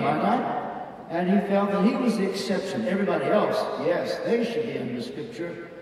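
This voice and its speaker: A man's voice: sits high, darkish tone. An older man preaching a sermon as a pastor, earnest and emphatic, acting out the voices he quotes. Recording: echoey hall, from far off.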